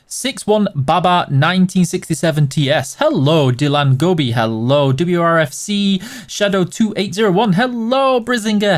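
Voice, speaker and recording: A man hosting a casual livestream, reading out viewers' names one after another and answering their questions in a friendly, teasing way. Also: on the high side. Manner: reads chat names aloud and answers questions. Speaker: livestream host.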